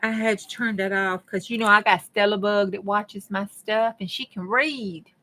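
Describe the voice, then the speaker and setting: With a medium-pitched voice that's steady, pushed and bright, a middle-aged woman talks to her viewers in a folksy way at a moderate pace. She's a craft vlogger, chatting casually as she works on a project.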